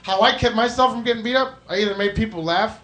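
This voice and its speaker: Fast-talking laid-back man. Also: high voice, fairly bright tone. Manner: laid-back, joking, supportive. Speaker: host. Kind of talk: casual radio chat.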